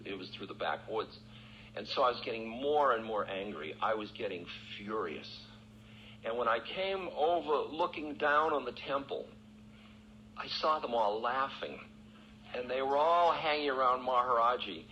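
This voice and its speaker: A man's voice: medium pitch, animated, normal speed, sharp tone. Man telling a story on a dull lo-fi recording. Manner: candid, self-mocking, laughs often. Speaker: spiritual teacher. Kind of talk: storytelling talk. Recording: dull, lo-fi archival recording with faint hiss.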